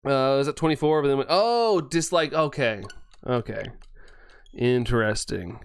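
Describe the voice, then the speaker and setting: Guy streaming a game and reading chat, hyped and laughy, smooth clear voice. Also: medium pitch, unhurried. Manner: excitable, thanks viewers, laughs often.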